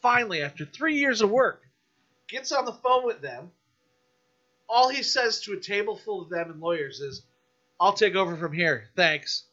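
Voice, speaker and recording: A man guesting on a podcast, telling a story in a casual, animated, profane rant. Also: sits high, normal speed, highs cut off.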